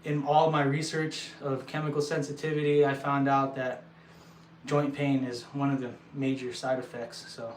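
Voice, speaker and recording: A young man from El Paso, short of breath, talking earnestly to his viewers with halting restarts. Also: mid-range voice, flat delivery, slight background noise. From El Paso, Texas. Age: young adult. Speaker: vlogger. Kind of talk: casual talk to viewers. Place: indoor building site. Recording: echoey room, mic at a distance.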